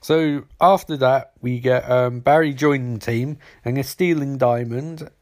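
A man's voice: mid-range voice, steady tone, measured pace. A man casually recapping and rating a TV episode, rambling with sarcastic asides and lots of fillers. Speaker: TV episode reviewer.

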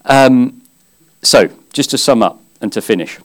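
A man preaching a sermon at a church service, earnest and conversational, with gentle humor. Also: mid-range voice, unhurried.

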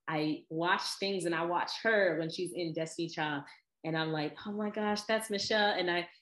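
Loose and lively, a low-voiced woman hosts a casual podcast chat, breaking into laughter and brief imitated voices as she follows tangents. The recording carries the echo of a reverberant room.

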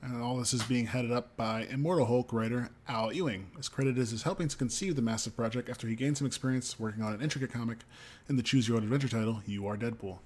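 A man's voice: medium pitch, fast talker, slight background noise. A man co-hosting a podcast, reading entertainment news aloud with frequent ums and casual asides. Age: adult parent of a young child. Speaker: podcast co-host.

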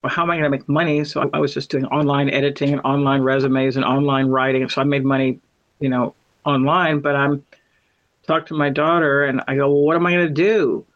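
A woman's voice: extremely low pitch, level tone, brisk. A middle-aged woman hosting a podcast, telling rambling stories and acting out both sides of each conversation. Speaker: podcast host. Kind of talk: casual storytelling. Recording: muffled lo-fi audio.

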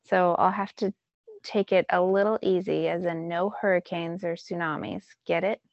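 A woman's voice: on the low side, fairly even intonation, normal speed, dry recording, dull audio, natural voice. A woman voicing a brash adult male sea god who speaks in a cocky, offhand and impatient way.

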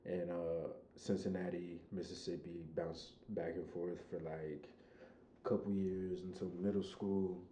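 A man's voice: sits low, little pitch movement, unhurried, mellow, roomy sound, slight background noise. A young man from Chicago, a recording artist talking casually as a podcast guest, loose and laid-back, swearing freely. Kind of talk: casual conversation.

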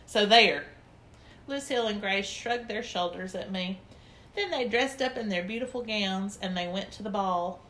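A woman's voice: medium pitch, moderate pace, fairly bright tone. A woman narrating a children's story in first person, in a chatty, childlike little-girl voice. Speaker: audiobook narrator.

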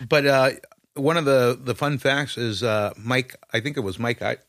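A man's voice: medium pitch, fairly even intonation, normal speed, a bit bright, no room sound. A man co-hosting a casual podcast chat, blunt and swearing casually. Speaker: podcast co-host.

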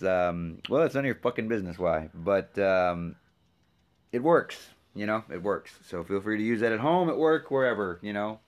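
Low-voiced man rambling with profane sarcasm. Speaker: podcast host. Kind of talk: casual rambling monologue.

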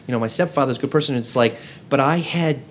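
Male co-host, mid pitch, earnest storyteller who voices the characters he quotes. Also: quick pace, a little hiss or hum. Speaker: podcast co-host. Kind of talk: casual chat among friends.

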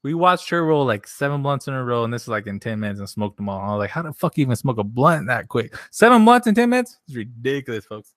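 A young man hosting a casual livestream who rambles, swears freely and jokes with his viewers. His voice is bright and forward, recorded close and dry. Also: mid-range voice, animated, quick pace, hardly any pauses, dry recording. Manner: profane, rambling and joking. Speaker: livestream host.

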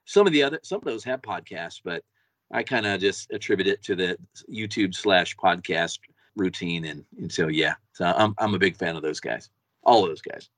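A man's voice: sits low, moderate pace, a bit bright, no room sound. A man co-hosting a podcast, chatting casually and enthusiastically, often repeating words as he goes. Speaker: podcast co-host. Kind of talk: casual chat.

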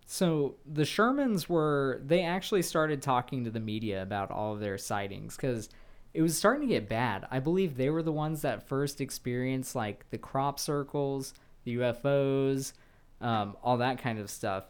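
A man's voice: mid-range voice, expressive, normal speed, clear, resonant tone. Laid-back man telling a spooky story. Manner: laughing storyteller, loose and swearing. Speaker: podcast co-host. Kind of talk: casual podcast chat.

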